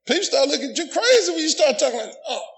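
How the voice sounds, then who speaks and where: High-voiced shouting preacher. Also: male voice, sing-song, racing, creaky, low-quality recording. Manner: preaching, often shouting, call-and-response. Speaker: pastor. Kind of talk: sermon.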